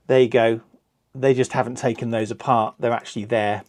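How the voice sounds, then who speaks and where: A man's voice: mid-range voice, expressive, brisk, a little mellow, dry recording, studio quality. A middle-aged man, giving rambling, self-deprecating commentary while building a LEGO set. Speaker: LEGO reviewer host.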